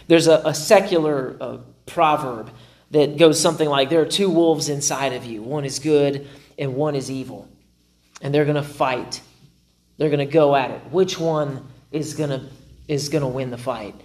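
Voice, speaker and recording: A male pastor preaching a sermon to a live congregation. He is animated and often acts out his own inner dialogue with self-mocking humor. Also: medium pitch, moderate pace.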